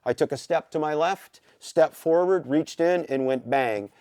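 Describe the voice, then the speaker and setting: A man from the Pacific Northwest, a podcast guest telling an animated story with many "you know" fillers. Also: on the high side, measured pace, dry recording, clean studio sound. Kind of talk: casual storytelling.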